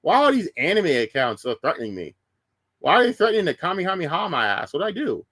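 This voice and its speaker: Casting: a man doing a baffled, whiny innocent guy, high and squeaky, firing off rapid incredulous questions, dry close sound. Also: sing-song, fairly bright tone, no room sound, exaggerated voice. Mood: bewildered. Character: bewildered innocent young man, confused and whiny.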